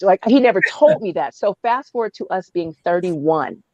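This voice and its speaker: A woman's voice: normal speed, few pauses, no room sound, highs cut off. A woman from Oakland in her thirties, a podcast guest telling a long personal story with lots of laughter and quoted voices. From Oakland, California. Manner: animated, laughs often, acts out quotes in a high voice. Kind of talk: casual storytelling.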